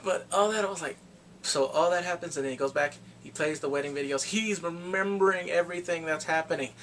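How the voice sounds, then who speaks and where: A man recapping a film in casual chat, animated and full of reactions. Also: a little high, a little fast, slight background noise. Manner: animated, reacts with exclamations and gasps. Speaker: movie reviewer.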